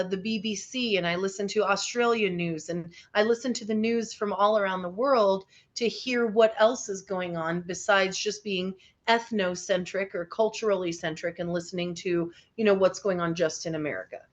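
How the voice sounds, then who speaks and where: A woman with a mid-range voice speaks steadily at normal speed, barely pausing, as she leads an interactive online lesson for teenagers. She's upbeat and encouraging and checks in with the group often. It sounds like a video call, with slightly dull online audio.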